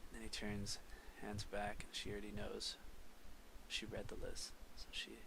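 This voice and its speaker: A young man casually talking through and pitching a storyboard scene, narrating the actions as he goes. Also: monotone, moderate pace, creaky, background noise. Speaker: storyboard artist.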